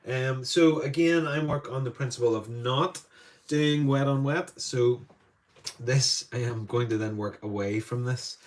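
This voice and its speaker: A man's voice: mid-range voice, a little slow. An Irish man teaching watercolour live, chatting to viewers with rambling asides while he paints in a studio. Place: indoor art studio.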